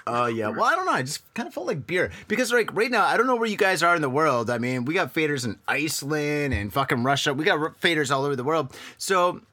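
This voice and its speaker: A man's voice: a little high, sing-song, fast talker, few pauses, bright, forceful tone. A man co-hosting a podcast from Tokyo, rambling in crude, casual banter and swearing freely. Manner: rambling, profane, laid-back. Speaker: podcast co-host. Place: home in Tokyo.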